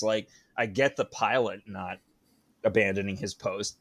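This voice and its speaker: A man's voice: fairly low pitch, normal speed, a bit bright. A man co-hosting a podcast in casual film discussion, swearing freely and asking incredulous questions. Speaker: podcast co-host.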